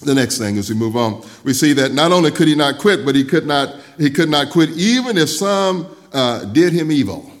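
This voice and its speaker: A middle-aged male pastor preaching a sermon, telling stories in a folksy way, laughing between lines and swinging from loud to hushed. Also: fairly high pitch, lively intonation, moderate pace, hardly any pauses. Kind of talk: sermon with storytelling.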